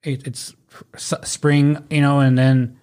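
A man's voice: mid-range voice, level tone, slow pace, darkish tone. A young adult man in casual podcast chat, telling stories in a profane, ranting way.

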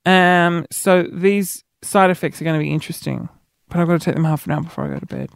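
A fast-talking man with a smooth, steady voice and some vocal fry shares everyday stories in a chatty, self-deprecating monologue. When quoting people, he acts out their words with jumps in pitch. The recording is dry.

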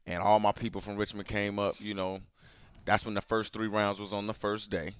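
A man co-hosting a podcast, chatting casually and excitably, laughing loudly and getting louder and higher when worked up. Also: moderate pace, clear, resonant tone, dry recording, clean studio sound. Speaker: podcast co-host. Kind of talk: casual chat.

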